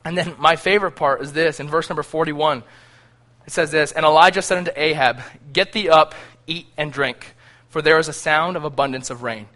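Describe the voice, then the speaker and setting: A man preaching a sermon, reading scripture aloud and growing loud on the prayers, with frequent restarts. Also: on the high side, a little fast. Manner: frequent restarts and repeated words.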